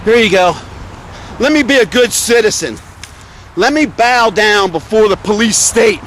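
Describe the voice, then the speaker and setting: A man's voice: sits high, expressive, a little slow, a bit bright, slight background noise. A man protesting and filming police officers by a roadside, indignant and sarcastic, lecturing them as he goes. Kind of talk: confrontational street recording. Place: outdoors beside a road.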